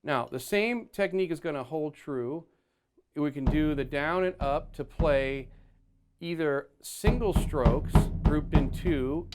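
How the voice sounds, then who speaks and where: A man's voice: on the high side, background noise. Man explaining drum technique. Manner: counts beats aloud and vocalizes rhythms; patient, step-by-step explaining. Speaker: drum teacher. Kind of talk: instructional drum lesson. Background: faint drums and click track.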